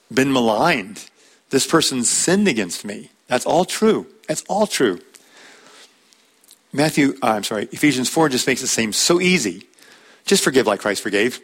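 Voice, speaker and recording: A man preaches a sermon at a middle pitch, talking plainly and conversationally, as if teaching. He slows down to press home key points and quotes scripture along the way. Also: a bit bright.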